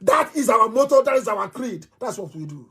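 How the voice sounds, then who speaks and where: A man's voice: high voice, animated, moderate pace, a bit bright, breathy edge, soft background music. A middle-aged man with a Nigerian accent giving a fiery live radio address, emphatic and repeating phrases like a chant. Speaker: movement leader on radio.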